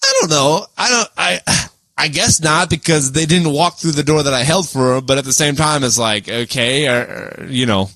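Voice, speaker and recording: A man's voice: on the high side, normal speed, dry recording. A man co-hosting a casual podcast chat, telling stories animatedly and acting out the people he quotes. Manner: animated storyteller who acts out quoted people. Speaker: podcast co-host.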